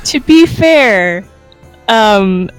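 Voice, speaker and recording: A woman's voice: mid-range voice, expressive, drawn-out words, over loud music. A woman player talking casually and wandering through her thoughts. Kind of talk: casual chat.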